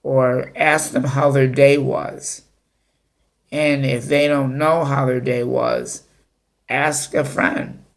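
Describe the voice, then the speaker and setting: A man talking off the cuff to his viewers, giving advice in a halting way with many fillers and restarts. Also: medium pitch, flat delivery, vocal fry. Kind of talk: unscripted talk to camera.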